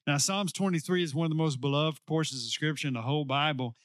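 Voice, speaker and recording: A male pastor preaching a sermon, slowing down to stress key lines and calling on the congregation to repeat after him. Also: a little high, fairly bright tone, no echo, clean studio sound. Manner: preaching with call-and-response to the congregation.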